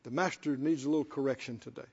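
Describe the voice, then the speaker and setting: Here the preacher talks fast in a medium-pitched voice that's husky, a little mellow and marked by vocal fry. He preaches emphatically in church, repeating phrases for stress and questioning the congregation, captured in dull lo-fi sound with long hall reverb.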